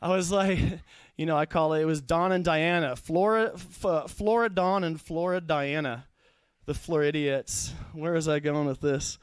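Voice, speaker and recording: A man's voice: a little high, fairly even intonation, a little slow, smooth, no echo. A young man performing a stand-up comedy set at a live show, rambling, profane and losing his thread.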